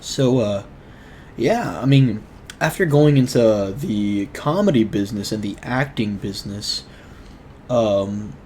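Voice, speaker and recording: Slow and fairly low-pitched, this young man's darkish voice still carries lively intonation, with a bit of hiss or hum in the recording. He hosts his own show, a casual storytelling vlog, where he shares a personal story earnestly and ramblingly, full of fillers.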